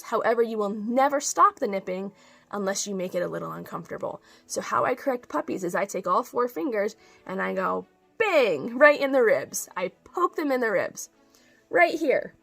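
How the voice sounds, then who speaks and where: A woman's voice: mid-range voice, creaky. Emphatic woman dog trainer teaching. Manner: emphatic and expressive, acts out examples. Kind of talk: instructional talk.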